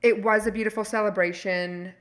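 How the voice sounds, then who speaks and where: A woman co-hosting a podcast, chatting casually and telling animated, rambling stories full of restarts. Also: mid-range voice, a little fast. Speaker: podcast co-host. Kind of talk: casual chat.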